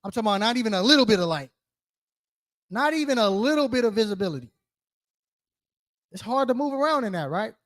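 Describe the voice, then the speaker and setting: A fast-talking man with a high, slightly bright voice and lively intonation leads a group scripture study as interactive sermon teaching, with long pauses. He calls on listeners, asks questions, repeats their answers, and uses slang and a rhetorical "right?".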